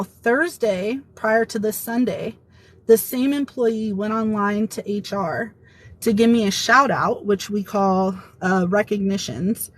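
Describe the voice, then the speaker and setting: Woman telling an animated workplace story. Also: medium pitch, rough recording. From Italian heritage. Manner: animated retelling, quoting others. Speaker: former employee telling her story. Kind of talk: casual storytime vlog.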